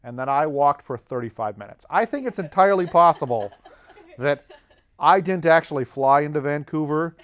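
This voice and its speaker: An American podcast host tells a rambling comic story, chuckling often through his anecdotes. His voice is a little high and expressive, at a moderate pace.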